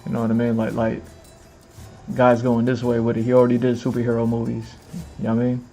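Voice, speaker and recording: A man talks loosely to the camera on a casual livestream under bright lights in a room, rambling, circling back to repeat phrases and using plenty of fillers. His ordinary middle-pitched voice is monotone and fast, with faint music playing behind him.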